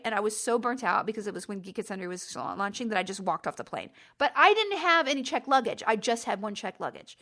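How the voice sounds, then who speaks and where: A middle-aged woman hosting a podcast, telling a travel story in a chatty, exasperated way and jumping up in pitch for emphasis. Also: a bit bright. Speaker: podcast host. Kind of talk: casual storytelling monologue.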